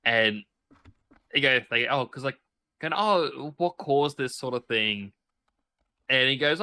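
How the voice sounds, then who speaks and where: Bright-voiced man telling anecdotes. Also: medium pitch, unhurried, pauses often. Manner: animated anecdote teller, acts out quoted voices. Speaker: stream guest. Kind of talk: casual storytelling chat.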